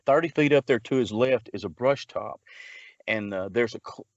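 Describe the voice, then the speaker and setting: A man's voice: medium pitch, moderate pace, no room sound, highs cut off. A man, a Bigfoot researcher, telling a long story in a rambling way, full of restarts and filler words. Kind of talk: casual storytelling.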